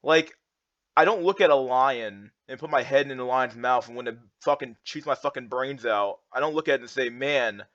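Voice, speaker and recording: A young man at medium pitch, his voice a bit bright, rants heatedly about charts in a rambling, repetitive way with many fillers and restarts. The sound is dry, dull and lo-fi.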